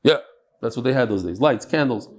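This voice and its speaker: A man teaching a daily Talmud class in a lively way, mixing Aramaic terms into English and telling jokes to his listeners. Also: mid-range voice, fairly quick.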